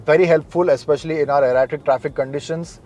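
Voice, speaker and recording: Measured man reviewing a car. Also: fairly high pitch, fairly even intonation, darkish tone. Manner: measured, informative, matter-of-fact.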